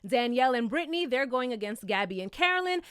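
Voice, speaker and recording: A woman's voice: sits high, big pitch swings, fast talker, a bit bright, clean tone, no echo, clean studio sound. A woman giving a casual, blunt and sassy recap of a reality TV episode, swearing freely, laughing at her own jokes and calling her viewers "child".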